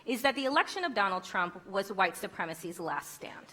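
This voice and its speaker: A woman's voice: medium pitch, very animated, a little fast, heavy background noise. A woman giving a conference keynote speech, emphatic and rhetorical, with wry humor. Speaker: keynote speaker.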